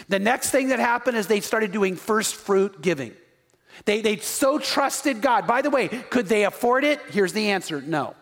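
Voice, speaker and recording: A man with a notably high voice preaches a sermon, leaning on emphatic rhetorical questions and reading passages of Scripture aloud. His voice rings out with a long reverb, as in a big hall. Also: big pitch swings, moderate pace, a bit bright. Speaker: pastor.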